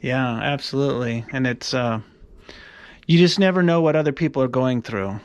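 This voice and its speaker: A man's voice: mid-range voice, expressive, normal speed, lo-fi sound, slight background noise. A male radio host giving brief, encouraging replies in an interview.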